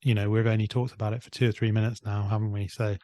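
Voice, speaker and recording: A man's voice: lowish voice, little pitch movement, fast, mellow, no room sound, clean studio sound. A man hosting a casual podcast chat, reading aloud from an article and prompting with tag questions. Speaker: podcast host.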